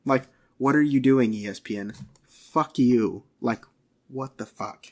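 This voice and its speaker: Husky man ranting profanely on a podcast. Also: medium pitch, measured pace. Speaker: podcast co-host. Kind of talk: casual podcast rant.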